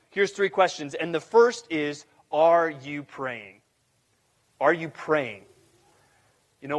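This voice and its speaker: A man, a pastor, preaching an earnest, conversational sermon and repeating his key questions. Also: fairly high pitch. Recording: long hall reverb.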